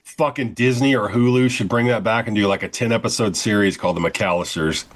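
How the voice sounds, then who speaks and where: A man co-hosting a casual film review podcast, animated and laughing at the gags he describes. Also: fairly low pitch, a little fast. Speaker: podcast co-host.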